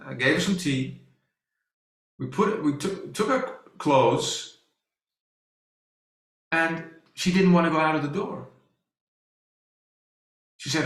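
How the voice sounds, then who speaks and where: Halting man telling a story. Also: a little high, expressive, fairly bright tone. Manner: halting, with many restarts and fillers. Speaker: presenter. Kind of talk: storytelling talk to an audience. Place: presentation hall. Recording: echoey room.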